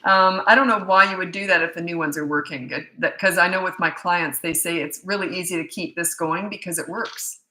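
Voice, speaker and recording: Her voice lowish and very bright, a middle-aged parenting coach fields live Q&A questions at a fairly quick clip, with a steady tone and few pauses. She comes across as candid, blunt and chatty in an echoey room.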